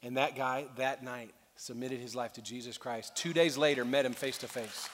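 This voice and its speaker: Earnest preacher in a reverberant hall. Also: male voice, mid-range voice, fairly even intonation, moderate pace, hardly any pauses, crowd noise, background noise. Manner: earnest, storytelling, builds to fervent exhortation. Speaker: pastor. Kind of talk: sermon. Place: large church auditorium. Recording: long reverb in a large hall.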